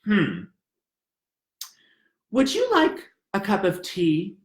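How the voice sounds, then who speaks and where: A man voicing a soft-spoken older male counselor who talks slowly and warmly. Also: high-pitched, huge pitch swings, full character voice. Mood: gentle. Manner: slow, soft and welcoming. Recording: roomy echo.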